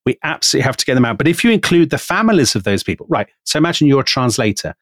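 A British man co-hosting a podcast, telling a history story in an animated way. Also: mid-range voice, rapid-fire, no echo. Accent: British English. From Britain. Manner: animated, storytelling, quotes figures with emphasis. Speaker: podcast co-host.

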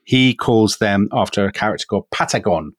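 English man, podcast co-host, lowish voice, enthusiastic storytelling, dry studio sound. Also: brisk, no echo. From England. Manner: enthusiastic storytelling, chuckles often, addresses co-host by name. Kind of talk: casual history podcast chat.

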